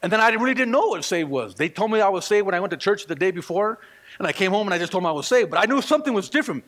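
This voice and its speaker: A man's voice: high voice, very animated, rapid-fire, fairly bright tone. A man preaching a sermon as pastor, telling stories and acting out the voices of the people in them. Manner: storytelling preacher who acts out quoted voices. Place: church sanctuary. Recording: long reverb of a church hall.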